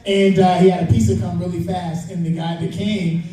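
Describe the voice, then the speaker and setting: High-voiced man telling stories in an echoing hall. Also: fairly quick, faint music behind. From Chicago, United States. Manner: animated, laughing, loud shout-outs. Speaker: panel guest actor. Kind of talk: comic con panel Q&A storytelling. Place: large convention hall. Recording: echoey hall, taped from far off.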